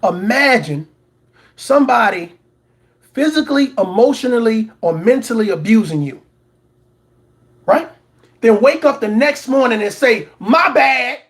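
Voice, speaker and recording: This man hosts a reaction commentary show in a very high, expressive voice, keeping a measured pace with frequent pauses. Preachy toward his audience, he repeats words to stress them and mocks others by putting on voices.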